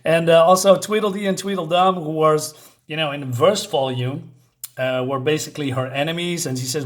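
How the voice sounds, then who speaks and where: A man chats through a comic book review, stopping often to search for the next word. His voice sits a little higher than most men's, and the talk stays loose and unscripted. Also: fairly even intonation, brisk. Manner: rambling, with many fillers and chuckles while retelling the plot.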